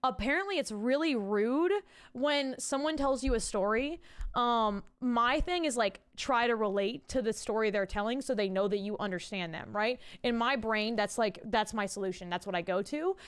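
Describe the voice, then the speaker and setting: A woman's voice: fairly high pitch, moderate pace, smooth. A woman streamer chatting casually at home, rambling, swearing freely and thanking viewers. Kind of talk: casual live-stream chat reading out viewer messages.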